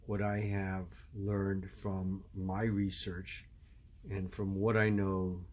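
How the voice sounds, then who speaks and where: A man hosting a language video, explaining his view in a measured, casual way. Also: deep voice, monotone, a little mellow. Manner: measured, explanatory, switches between English and Spanish. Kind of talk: casual spoken commentary.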